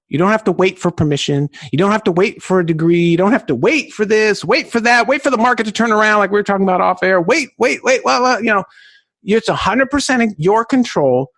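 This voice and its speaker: High-energy, animated middle-aged man. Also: dry recording. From southern California. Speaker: podcast guest. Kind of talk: enthusiastic storytelling.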